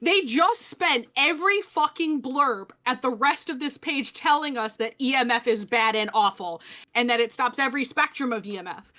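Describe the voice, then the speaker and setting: Young adult woman, bright and slightly high, sarcastic ranting podcast co-host who swears and laughs through her lines. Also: normal speed. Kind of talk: casual comedic chat.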